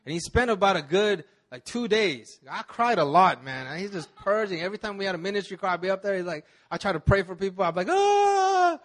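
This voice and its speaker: A man's voice: high-pitched, fast, few pauses, a bit bright. A man in his thirties, a pastor, telling his own story in a sermon in a casual, slangy way with many restarts. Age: 30s. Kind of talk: sermon testimony.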